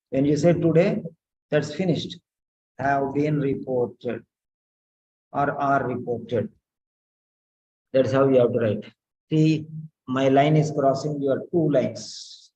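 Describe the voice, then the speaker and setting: Man, writing tutor, slow deliberate delivery, mellow voice, dull lo-fi sound, corrective and questioning. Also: medium pitch. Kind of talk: correcting a student's letter aloud.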